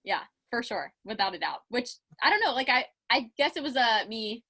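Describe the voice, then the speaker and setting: A woman's voice: a little high, very animated, normal speed, sharp tone. A young woman with a Pittsburgh accent hosting a casual interview, bubbly and chatty with lots of "like". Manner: chatty, bubbly, laughs often, peppered with "like". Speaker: interview host.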